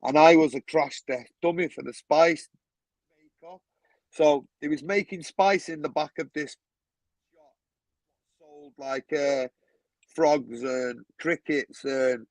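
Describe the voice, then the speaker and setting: A man, a podcast guest telling animated stories, swearing often and acting out other people's voices. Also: fairly high pitch, slow, pauses often, dry recording, poor audio. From Manchester, England. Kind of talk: casual storytelling.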